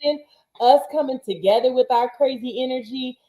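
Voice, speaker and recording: Emotional woman coach with a dark voice. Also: high voice, a little fast, reverberant, low-quality recording. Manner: energetic, emotional, tough-coach enthusiasm. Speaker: fitness coach. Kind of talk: casual group video chat.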